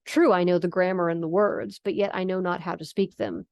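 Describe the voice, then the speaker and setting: A woman's voice: on the low side, fairly even intonation, brisk, no room sound, lo-fi sound, close to an everyday voice. A woman reading the lines of a formal, aristocratic old male vampire count in a stately, archaic manner. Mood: grave. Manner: stately, archaic read-aloud phrasing.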